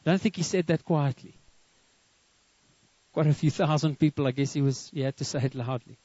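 A man preaches with a high voice, stopping often to put questions to his listeners. The recording is close and dry. It sounds a little muffled. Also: a little fast, no room sound. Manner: lively, asks the congregation questions. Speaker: pastor. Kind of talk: sermon.

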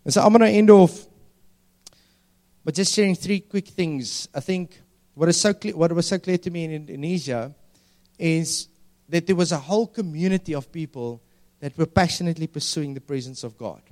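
Earnest preacher, slightly high voice. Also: male voice, a little mellow. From South Africa. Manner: earnest, stretches key words slowly for emphasis. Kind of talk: sermon.

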